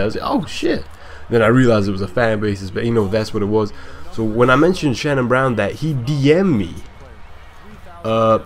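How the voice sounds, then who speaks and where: Young gaming vlogger, slightly low voice, hybrid British-African accent, chatty and rambling. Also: male voice. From Scotland. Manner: rambling, chatty, self-deprecating. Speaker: gaming YouTuber. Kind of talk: casual gameplay commentary.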